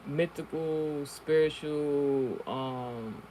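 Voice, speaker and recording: A woman telling a spiritual story to her stream in a casual monologue, animated and profane, with lots of fillers and laughs. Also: low voice, very slow, a little hiss or hum, rough recording. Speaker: spiritual reader.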